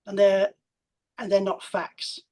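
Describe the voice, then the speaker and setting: A woman mental health coach explaining her approach in a panel discussion, in a calm, measured way. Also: mid-range voice, rough recording.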